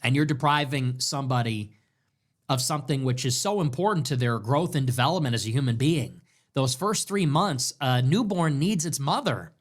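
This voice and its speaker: A man's voice: mid-range voice, normal speed. A man hosting a show, delivering an emphatic commentary monologue full of repetition and rhetorical questions. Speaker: show host.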